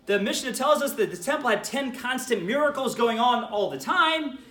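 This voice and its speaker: A man's voice: extremely high pitch, normal speed, echoey room. A man who is a rabbi, giving an informal lecture, telling stories and acting out the people he quotes. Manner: animated storytelling, acts out quoted voices.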